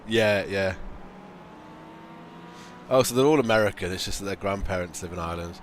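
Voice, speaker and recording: A man's voice: low-pitched, normal speed, a little hiss or hum. A man hosting a live sim racing stream, talking in loose, joking banter that trails off mid-sentence and often breaks into laughter. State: just woken up. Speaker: stream host and sim racer.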